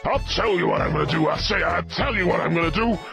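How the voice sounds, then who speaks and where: A man's voice: high voice, fast talker, creaky, over music. An actor playing a grumpy, deaf old man in a video game, blustering and cranky.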